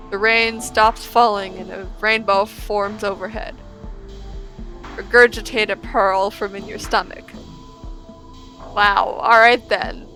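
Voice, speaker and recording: A woman plays through a text-based game and reads each passage aloud. She breaks in with giggly, animated reactions and casual remarks. Her voice is bright and sits at a middle pitch, with faint music behind it. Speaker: let's player. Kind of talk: reading a game's text aloud with casual commentary.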